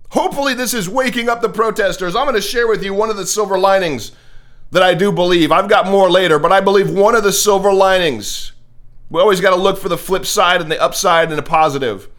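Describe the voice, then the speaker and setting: A fairly high-voiced American man delivering a fervent political commentary monologue as host. He preaches with conviction and often stumbles and repeats words before a point lands. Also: brisk, fairly bright tone. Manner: impassioned, preachy, repeats words when starting a thought. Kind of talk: opinionated monologue.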